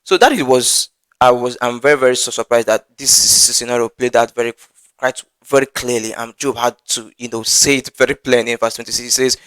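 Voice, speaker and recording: A man's voice: medium pitch, fairly even intonation, fast, fairly bright tone, clean tone, no echo, rough recording. Earnest stammering man teaching from the Bible. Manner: earnest, frequent stammering and repeated words. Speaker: preacher.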